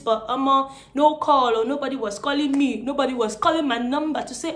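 A woman's voice: sits high, fairly quick, hardly any pauses. A young woman from Nigeria with a Nigerian accent, casually telling her own story to the camera in a chatty way, with many fillers. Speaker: vlogger.

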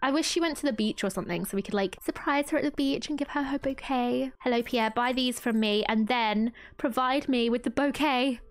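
A woman streamer giving casual let's-play commentary, excitable and gushing as she gasps and laughs her way through the game. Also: high voice, fairly quick, few pauses. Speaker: gaming streamer.

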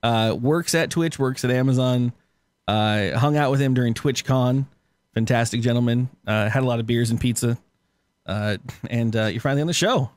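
A man's voice: mid-range voice, normal speed, no echo. A man co-hosting a podcast in casual chat, tipsy, laughing and swearing as he rambles. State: tipsy from cocktails. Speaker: podcast co-host.

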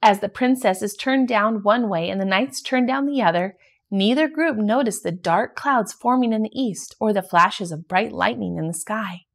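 A woman reading a children's picture book aloud in a steady, gentle storytelling manner. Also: mid-range voice, normal speed. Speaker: storybook reader.

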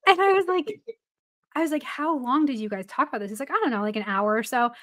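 A woman's voice: sits high, lively intonation, fast talker, fairly bright tone. A woman who is a baseball reporter, guesting on a podcast and telling a story casually with plenty of "like" fillers and some laughter.

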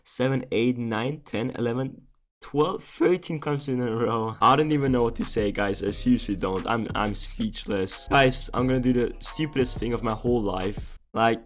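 A young man streaming his gaming, talking casually to his viewers and turning from exasperated to amused and excited. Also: medium pitch, moderate pace. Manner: excitable, exasperated, laughs a lot, talks to viewers. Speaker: gambling streamer.

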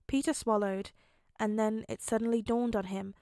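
Woman reading fanfic out loud, steady storyteller voice, bit high, dry close sound. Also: normal speed, no echo. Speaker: podfic reader. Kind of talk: fan fiction audiobook narration.

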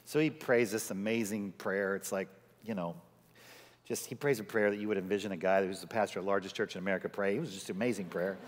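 A male pastor preaching a sermon, telling a personal story with lively quoted voices. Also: on the low side, quick pace. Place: large church sanctuary. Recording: church hall reverb.

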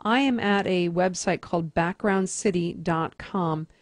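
A woman teacher calmly talking through a computer task step by step in a screen-recorded tutorial. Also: lowish voice, a little slow, no room sound. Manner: methodical, step-by-step instruction.

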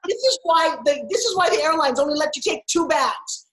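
A woman giving an energetic motivational talk as a podcast guest, emphatic and playful. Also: sits high, brisk, reverberant, low-quality recording. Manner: emphatic, animated, playful asides.

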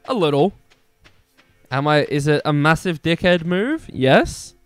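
Young male game streamer, slightly high voice, unhurried, excitable and self-mocking. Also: smooth, no room sound, soft background music. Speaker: gaming streamer. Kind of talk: casual gameplay commentary.

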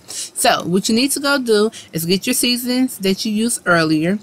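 A woman's voice: medium pitch, lively intonation, measured pace, a little hiss or hum. A woman hosting a home cooking video, chatty and encouraging as she talks viewers through each step in her kitchen. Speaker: cooking channel host. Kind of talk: casual cooking demonstration. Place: home kitchen, food frying in pan.

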